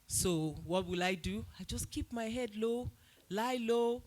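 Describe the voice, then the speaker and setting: A Nigerian woman speaking to an event audience as its host, telling a story with lively, loud acted-out quotes. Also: a little high, unhurried. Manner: animated storytelling, acts out quotes loudly. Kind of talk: speech at a live event.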